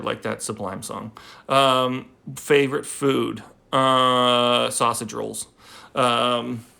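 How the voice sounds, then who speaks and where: Rambling man with a gravelly voice. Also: medium pitch, bright, forceful tone. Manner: rambling, joking, with many fillers. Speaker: poet. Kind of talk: casual live-stream chat and poetry reading. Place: at home. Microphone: phone livestream.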